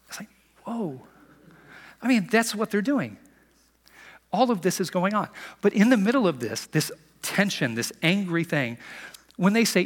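Lively male preacher in a reverberant hall. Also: on the high side, normal speed, long pauses. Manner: animated, conversational storytelling. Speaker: pastor. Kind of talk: sermon. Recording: long reverb of a large hall.

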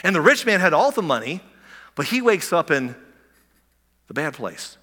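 A man preaching from a church pulpit, his voice sitting a touch high and ringing bright and forceful. He gets carried away, tripping over restarts and firing rhetorical questions at the congregation. A long reverb trails each phrase through the sanctuary. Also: sing-song, normal speed. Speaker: pastor. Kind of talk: sermon.

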